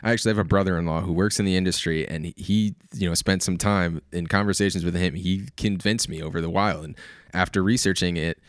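A man's voice: low-pitched, fairly even intonation, quick pace, clean tone, no echo, studio quality. A man co-hosting a podcast, explaining things in casual chat and often restarting his sentences. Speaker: podcast co-host.

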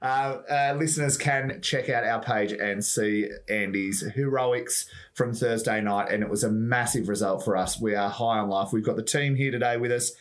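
A man's voice: medium pitch, moderate pace, hardly any pauses. A young Australian man co-hosting a podcast in loose, giggly casual chat, a bit tipsy after a few beers. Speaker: podcast co-host.

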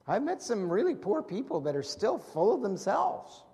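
A man preaching a sermon in an animated way, acting out scenes from the Gospels in different voices. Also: sits high, moderate pace, gravelly. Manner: animated, acts out Bible scenes with shifting voices. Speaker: pastor. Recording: long hall reverb.

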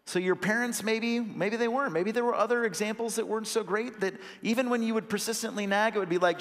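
Young male pastor, earnest conversational sermon, fairly high voice, big church hall echo. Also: quick pace, hardly any pauses. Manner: earnest, conversational preaching with rising emphatic bursts. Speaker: associate pastor. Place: church sanctuary.

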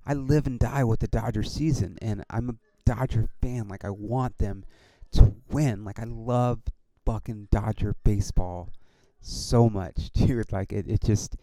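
A man's voice: fairly low pitch, measured pace, hardly any pauses, mellow, dry recording. A man hosting his own podcast, talking in a casual, rambling way with many restarts and frequent swearing. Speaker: podcast host and comedian.

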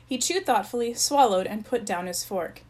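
A woman narrating a children's chapter book in a plain, even reading voice. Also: fairly high pitch, normal speed. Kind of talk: storybook read-aloud.

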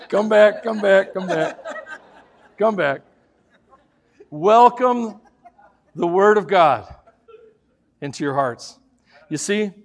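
A male pastor with a fairly high voice delivers a sermon in church. He swings between loud, rising preaching and quiet, joking asides to the congregation.

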